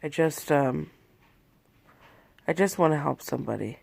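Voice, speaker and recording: A woman's voice: deep voice, lively intonation, measured pace, gravelly, darkish tone, slightly rough. A woman in her thirties talking from bed into a phone in a rambling, candid confessional vlog, shaky and worn out after a panic attack. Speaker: vlogger. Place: in bed in a bedroom at home.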